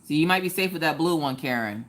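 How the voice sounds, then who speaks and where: A woman's voice: deep voice, lively intonation, fast. A woman hosting a casual craft live stream, joking around and answering viewers in the chat by name.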